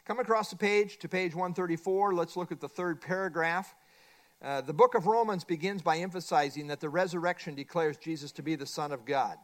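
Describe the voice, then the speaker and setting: Going a little fast, a middle-aged Bible teacher steers his class through a workbook page by page. He has a slightly high voice for a man and presses emphatically on his main points, saying them over and over.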